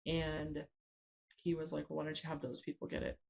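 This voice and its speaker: A woman guest on a podcast interview, recounting a personal story in a hesitant way, with frequent pauses and fillers. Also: low-pitched, fairly even intonation, gravelly, darkish tone, rough recording.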